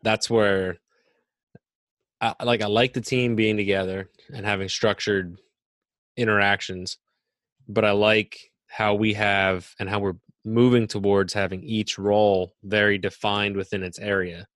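A man's voice: on the low side, little pitch movement, a little slow, a bit bright, no echo. A man co-hosting a podcast, speaking casually and hesitantly with many fillers. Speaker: podcast co-host.

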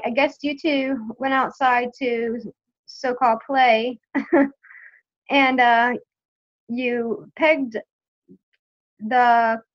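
Brief: slow-talking woman, fairly high voice, dull dry recording. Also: no echo. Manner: relaxed, laughing, brief replies. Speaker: co-host, sister. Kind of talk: casual chat.

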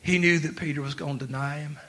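A preacher man with a drawl and a bright, forceful voice set a little high. He moves from low, confiding talk to loud, laughing shouts. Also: fairly even intonation, fast talker. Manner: swings from quiet to shouting, laughing through lines. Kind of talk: sermon.

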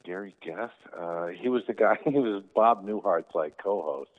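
Deep-voiced man on a tinny line. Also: normal speed. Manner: animated, quotes people in raised voices. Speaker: guest telling stories about his brother. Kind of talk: casual anecdotal storytelling.

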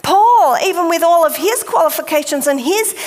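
A woman preaching a sermon, emphatic and deliberate, speaking directly to her listeners. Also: very high-pitched, lively intonation. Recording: long hall reverb.

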